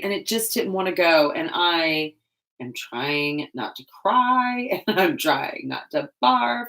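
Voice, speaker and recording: A woman's voice: medium pitch, a bit bright. A woman vlogger chatting casually while painting, rambling and laughing often.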